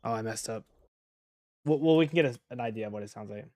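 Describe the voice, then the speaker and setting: A man's voice: fairly low pitch, fast, mellow, no room sound, clean studio sound. A man talking to himself as he edits and records sound for a short film, muttering and self-critical, with the odd swear. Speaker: amateur filmmaker. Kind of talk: talking to himself while editing.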